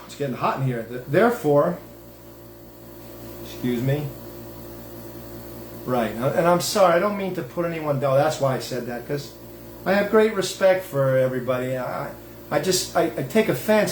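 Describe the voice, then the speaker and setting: Emphatic rambling man, echoey room. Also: on the high side. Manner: emphatic, digressive, many restarts and fillers. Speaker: host and self-styled rabbi. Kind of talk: rambling religious monologue with reading aloud. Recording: echoey room with faint background noise.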